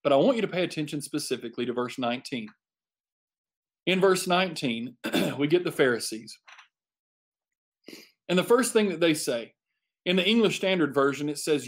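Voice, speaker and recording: Emphatic preacher man, slightly high voice. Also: animated, moderate pace, pauses often. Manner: emphatic, repeats phrases for effect. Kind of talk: sermon.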